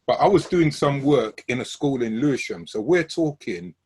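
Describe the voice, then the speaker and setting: A man's voice: mid-range voice, very animated, normal speed, a little mellow, a little hiss or hum. A man hosting a conversational interview, telling long anecdotes and correcting himself as he goes. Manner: discursive, self-correcting anecdotes. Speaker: host.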